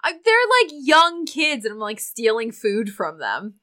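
A woman's voice: fairly high pitch, very animated, measured pace, pushed and bright. Brief: woman player, joking and dry, casual table talk. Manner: wry, playful. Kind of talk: tabletop role-play chat.

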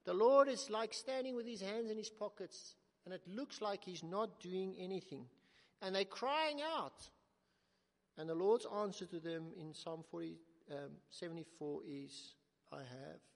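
A man preaching a sermon in earnest tones, swelling to emphatic calls and sinking to soft, slow words. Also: sits high, animated. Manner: earnest, rising to emphatic then dropping to soft, slow quotes. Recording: long hall reverb.

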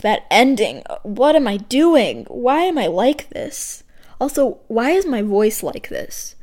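A young woman hosting a podcast, rambling and self-mocking as she reads her own unfinished poems, dropping soft and quiet for the verses. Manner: self-mocking and rambling, drops soft and low when reading. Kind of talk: casual self-deprecating chat with poetry reading.

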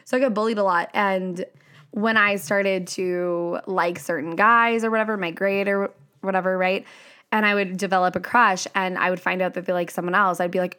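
A woman's voice: mid-range voice, fairly even intonation, normal speed, fairly bright tone, clean tone. A chatty young woman hosts a casual podcast monologue in a mid-range voice. She peppers her talk with "like" and "right?" and swears freely. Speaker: podcast host and coach.

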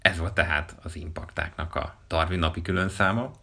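A man's voice: low-pitched, fairly even intonation, brisk, gravelly, sharp tone, faint music behind. A Hungarian-native male host asking brief, tentative questions and signing off the show. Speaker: podcast host and interviewer. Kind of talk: interview questions and show sign-off.

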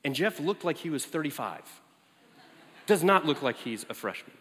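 A man preaching as a campus minister, telling a story in an animated way and leaping high in pitch for quoted lines. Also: normal speed. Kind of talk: storytelling sermon. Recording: echoey hall.

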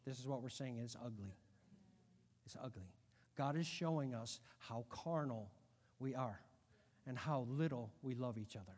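A middle-aged man preaching a sermon as pastor, animated, dropping to a hush and then shouting. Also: medium pitch, normal speed. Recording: long hall reverb.

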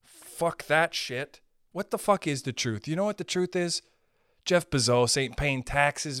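A man's voice: on the high side, expressive, moderate pace, fairly bright tone, clear, resonant tone, no echo, studio quality. A man hosting a podcast, ranting casually with lots of swearing and playful jokes. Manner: profane, rambling, playful impressions of others. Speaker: podcast host. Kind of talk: casual comedic rant.

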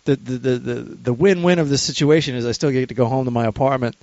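A man's voice: medium pitch, quick pace, a little mellow, no room sound, dull audio. A man in casual podcast chat who swears freely and laughs often. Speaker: podcast host.

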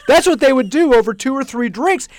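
A middle-aged man with an extremely high-pitched voice co-hosts a podcast, talking briskly in casual chat. He's an animated storyteller who acts out the people he quotes. The recording is dry.

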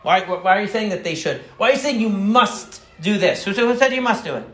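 A man's voice: a little high, big pitch swings, a bit bright, reverberant. A man voicing a combative old male therapist who fires challenging questions at patients. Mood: scolding. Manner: challenging, rapid-fire questioning.

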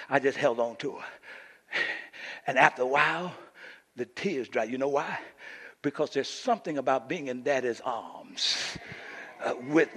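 A middle-aged man preaching a sermon as pastor in a church, shifting from hushed teaching to loud, animated preaching, recorded live. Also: fairly high pitch, husky, in a large hall.

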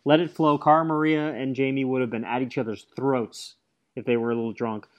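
A man's voice: medium pitch, lo-fi sound. A man co-hosting a podcast in casual chat, agreeing readily with his partner. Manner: agreeable, backs up co-host with quick yeahs. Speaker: podcast co-host.

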